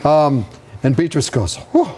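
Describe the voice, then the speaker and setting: A man narrating as game master in a live tabletop game, halting and restarting as he describes the scene. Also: medium pitch, lively intonation, a little mellow, a little hiss or hum. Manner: slow, halting, with many restarts.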